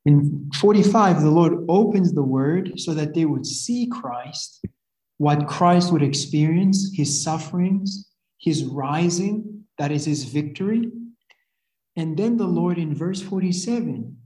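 A man preaching a sermon in an earnest, halting way, often rephrasing and repeating his phrases. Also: on the high side, animated, warm tone. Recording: echoey room.

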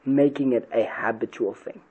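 A man's voice: mid-range voice, fairly even intonation, moderate pace, husky, narrow, tinny audio. A man, a pastor, giving an earnest podcast talk on parenting and faith, often asking rhetorical questions.

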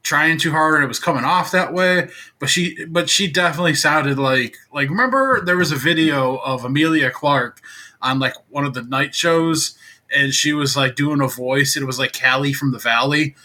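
Bright-voiced man telling a rambling story. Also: fairly high pitch, normal speed. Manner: rambling storyteller, many filler words. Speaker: podcast co-host. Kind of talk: casual chat.

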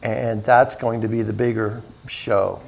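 A man, a musician guest, chatting casually and telling animated stories. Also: unhurried, vocal fry. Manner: animated storyteller, raises pitch to imitate others. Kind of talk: casual chat.

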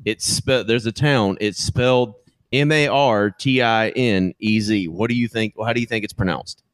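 A man's voice: fairly low pitch, normal speed, clear, resonant tone, no room sound. Playful drawled man, dry mic. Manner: playful, teasing. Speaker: podcast co-host. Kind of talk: casual sports chat.

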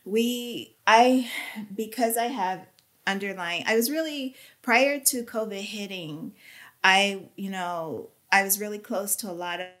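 A woman being interviewed, giving an emotional personal testimony with halting, earnest speech and fighting back tears. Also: mid-range voice, fairly bright tone. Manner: earnest, halting, with many fillers. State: tearful, near crying.

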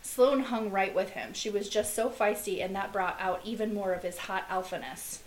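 A woman's voice: mid-range voice, slight background noise, low-quality recording. A woman co-hosting a podcast, chatting casually and gushing, reading book blurbs aloud. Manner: gushing, reads blurbs aloud with dramatic pauses. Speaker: podcast co-host. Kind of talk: casual chat.

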